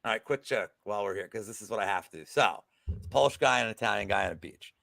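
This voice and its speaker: Speaking very fast in a lowish voice, this betting podcast co-host is animated, profane, and jokey, a natural storyteller in casual chat. His voice is gravelly and fry-laden, bright and forceful. The recording is dry and close.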